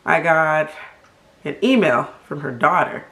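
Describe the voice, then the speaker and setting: A middle-aged woman from Haiti, telling a storytime vlog story in an animated, emphatic and indignant way. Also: low-pitched, unhurried. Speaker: vlogger. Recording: roomy echo.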